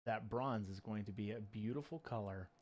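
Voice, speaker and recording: A man's voice: fairly low pitch, moderate pace. A man co-hosting a casual livestream and reading viewer chat aloud, playful and jokey with goofy asides.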